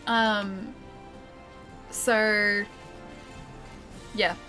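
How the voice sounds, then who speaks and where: A young woman streams a game over game music, casually reading chat and chatting with viewers in a playful, giggly way full of mock apologies. Her mid-range voice has a sharp tone and a flat delivery, and she speaks very slowly.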